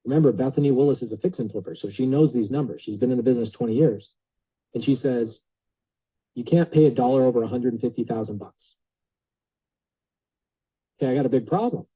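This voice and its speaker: Man, storyteller, dark husky voice, dry close sound, lively and casual. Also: medium pitch, fairly quick, long pauses, dry recording, poor audio. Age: adult. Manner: lively, acts out quoted voices, casual filler words. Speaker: speaker telling a real estate story to a group. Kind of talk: animated storytelling talk.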